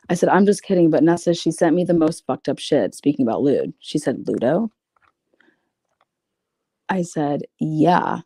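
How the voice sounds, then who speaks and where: A woman's voice: low voice, creaky, dark tone, no echo, clean studio sound. A woman reading out private messages and commenting on them in a blunt, profane, sarcastic way. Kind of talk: casual commentary reading screenshots.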